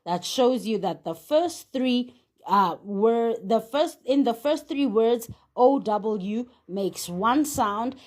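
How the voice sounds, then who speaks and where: A woman teaching a phonics lesson, sounding out each letter and then saying the whole word. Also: medium pitch. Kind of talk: slow, deliberate phonics lesson.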